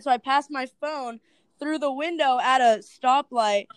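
Young woman guest, high voice, chatty storyteller who laughs a lot, close dry sound. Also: brisk, clear, resonant tone, dry recording, poor audio. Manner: chatty, laughs often, animated quoting. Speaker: interviewee, video creator. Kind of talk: casual interview storytelling.

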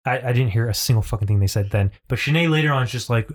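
A man's voice: medium pitch, racing. A man co-hosting a casual podcast, rambling and swearing casually. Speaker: podcast co-host.

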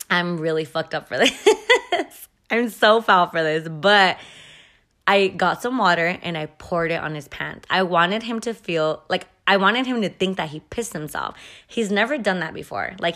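A woman's voice: on the low side, moderate pace, fairly bright tone. A woman hosting a podcast, telling a story in a chatty, profane way and saying "like" constantly. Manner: chatty and profane, heavy use of "like". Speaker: podcast host. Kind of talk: casual storytelling.

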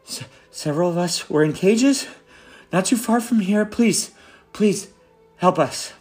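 A man's voice: high-pitched, animated, a little slow, darkish tone, faint music behind, voice pushed up. A man voicing a frantic young male gnome who pleads for help in a breathless, repetitive rush. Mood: desperate. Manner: breathless, pleading, repeats himself.

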